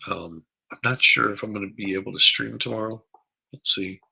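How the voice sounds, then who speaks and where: Still foggy after staying up late, the host runs a casual morning stream from his home basement over a headset, wandering off topic, repeating himself and welcoming viewers by name. The voice is fairly low, steady, brisk and creaky, sharp with a breathy edge, and the audio quality is poor.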